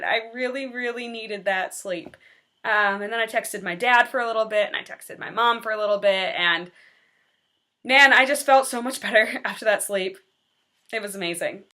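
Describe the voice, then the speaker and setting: Earnest bright-voiced young woman confiding. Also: mid-range voice. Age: 20s. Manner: candid, earnest and confessional. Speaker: teacher. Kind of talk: personal vlog confession.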